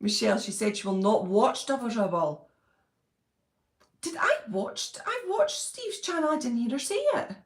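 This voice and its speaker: A woman's voice: a little high, very animated, normal speed. A woman hosting a casual live stream, chatting, laughing often and reading out viewer comments. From Britain. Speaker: channel host reading live chat. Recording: roomy echo.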